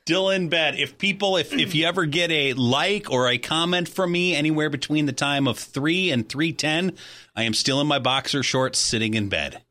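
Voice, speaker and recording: A man's voice: a little high, normal speed, sharp tone. A man co-hosting a radio show, trading dry, joking asides in casual on-air banter. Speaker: radio co-host.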